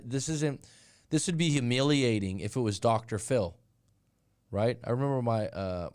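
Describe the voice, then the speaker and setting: A man's voice: medium pitch, darkish tone. Blunt middle-aged man coaching on dating. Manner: candid, blunt, storytelling with quoted voices. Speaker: dating and breakup coach, live stream host. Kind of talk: casual live-stream monologue.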